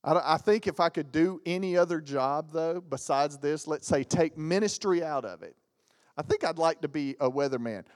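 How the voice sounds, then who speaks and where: Animated pastor in a reverberant church. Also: male voice, fairly high pitch, moderate pace. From Southern United States. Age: 40s. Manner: animated storytelling with jokes and mimicked voices. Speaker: guest pastor. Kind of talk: lively sermon with stories. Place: church sanctuary.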